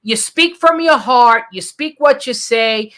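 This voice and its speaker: A man from Brooklyn hosting a casual talk show, excitable and repeating himself often. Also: very high-pitched, a little slow. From Brooklyn, New York. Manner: excitable, repeats words and phrases. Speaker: host.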